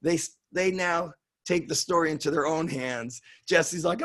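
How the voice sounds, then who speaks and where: Animated, profane middle-aged man telling stories. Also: fairly high pitch, measured pace. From Israel. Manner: animated, profane, acts out quoted voices. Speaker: strength coach guest. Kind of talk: casual storytelling interview.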